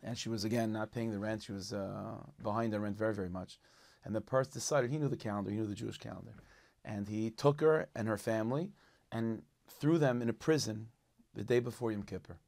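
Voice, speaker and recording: Low gravelly storytelling rabbi, a man. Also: brisk. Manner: lively, animated telling, mixing Yiddish and Hebrew words into English. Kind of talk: spoken storytelling.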